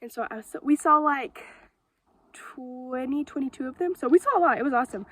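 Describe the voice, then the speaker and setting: A woman's voice: sits high, brisk, fairly bright tone, poor audio. A woman chatting casually to her camera while hiking outdoors, rambling and restarting her sentences. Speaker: family vlogger. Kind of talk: casual outdoor vlog narration. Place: outdoors on a windy hiking trail. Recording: faint wind noise outdoors.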